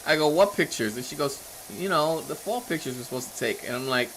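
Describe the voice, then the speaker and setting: Man, 30s, streamer; chatty and rambling, bright tone, faint game sounds behind. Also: normal speed, pauses often, slight background noise. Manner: rambling and chatty, laughs often, reads chat aloud; animated, jumps in pitch when excited. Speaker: livestreamer playing a game. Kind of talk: casual live stream chat.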